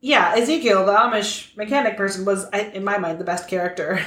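A woman's voice: medium pitch, fairly even intonation, brisk, a bit bright, reverberant. A woman co-hosting a casual podcast chat, laughing easily as she talks. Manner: laughs easily, many fillers. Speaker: podcast co-host.

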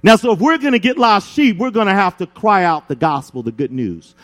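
A man preaching a sermon as pastor, building emphasis with dramatic pauses. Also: high voice, animated, fairly bright tone.

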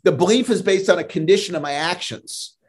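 Man, sales trainer on a podcast, upbeat and earnest, slightly high-pitched. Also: fairly quick. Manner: earnest, motivational, repeats words when starting. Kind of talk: podcast interview.

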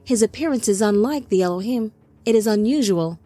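A woman's voice: medium pitch, animated, fairly quick, dark tone, faint music behind, lightly acted. A woman voicing a stern, loyal male angelic captain who speaks firmly and commandingly. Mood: humbled. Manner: firm and commanding.

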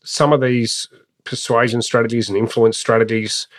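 A man's voice: mid-range voice, flat delivery, moderate pace. A man hosting a sales podcast, asking questions in an easygoing, somewhat hesitant way. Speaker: podcast host. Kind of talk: podcast interview.

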